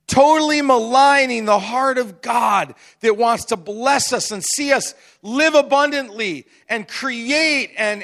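A man's voice: very high-pitched, a bit bright. A man preaching a sermon as pastor, in a chatty, conversational way with frequent asides and restarts.

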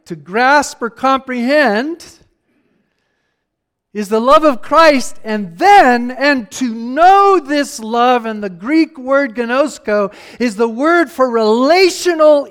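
A man preaching a sermon in a conversational way, dropping to near-hushed asides and then rising to fired-up emphasis. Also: very high voice.

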